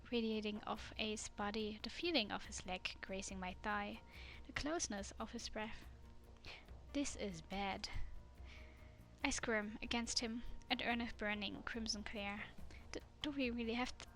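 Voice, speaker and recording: A woman streamer reading a dating game aloud in a soft, immersive way. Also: medium pitch.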